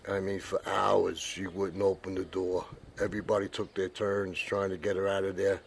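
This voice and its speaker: An older man telling a rambling personal anecdote with many pauses. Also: sits low, little pitch movement, creaky, a little hiss or hum. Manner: rambling, many fillers and restarts. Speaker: storyteller.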